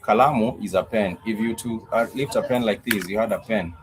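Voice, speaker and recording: Deep-voiced man teaching a language class. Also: faint music behind, poor audio. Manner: slow, repetitive, spells words letter by letter; frequent "uh" fillers. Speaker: Swahili teacher. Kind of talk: live-streamed language class.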